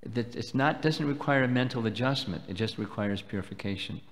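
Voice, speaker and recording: A man giving a devotional lecture at a festival, explaining slowly and deliberately and taking questions. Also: mid-range voice. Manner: measured, explanatory, slow and deliberate. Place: temple hall. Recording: long hall reverb.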